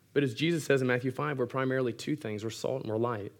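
A man's voice: medium pitch, a bit bright. Male pastor, earnest sermon delivery, mid-range voice, wry asides.

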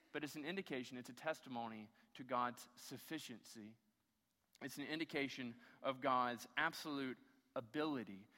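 A man's voice: mid-range voice, bright, forceful tone. A man pastor preaching an earnest sermon to a congregation, repeating words and building emphasis. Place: church sanctuary. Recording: long reverb of a church hall.

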